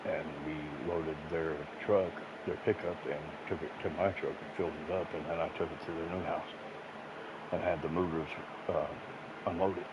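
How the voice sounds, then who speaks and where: A man's voice: low voice, steady tone, moderate pace. A man telling crude, rambling stories between bursts of laughter while he plays a game, swearing freely. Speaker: gaming streamer. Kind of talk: casual profane storytelling while gaming. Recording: muffled lo-fi with noisy background.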